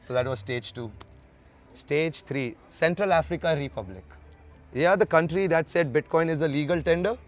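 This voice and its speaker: A man from India, an interview guest telling travel stories in a lively way and acting out the dialogue. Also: on the high side, normal speed, faint music behind. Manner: lively storyteller who acts out the dialogue. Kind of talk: storytelling in an interview.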